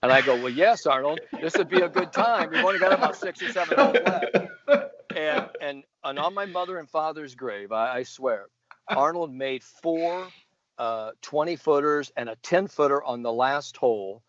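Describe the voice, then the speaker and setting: A middle-aged American man, a sports psychologist, telling a folksy story with animated asides and laughs. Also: a little high, normal speed, highs cut off, crowd noise. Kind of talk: casual storytelling.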